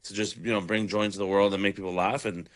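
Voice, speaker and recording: A young man from Toronto, a comedian guest, talking in a relaxed, rambling way on radio. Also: fairly low pitch, fast. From Toronto, Canada. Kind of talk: casual radio interview.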